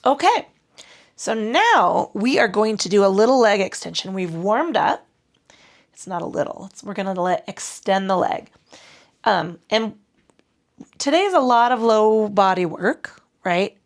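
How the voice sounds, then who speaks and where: A woman leading a mat pilates class, calmly cueing breaths and movements with chatty asides. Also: medium pitch, measured pace. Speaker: pilates instructor. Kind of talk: guided exercise instruction.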